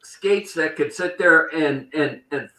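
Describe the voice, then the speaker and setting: Guy talking real slow, bright voice, echoey garage sound. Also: a little high. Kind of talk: casual chat among friends.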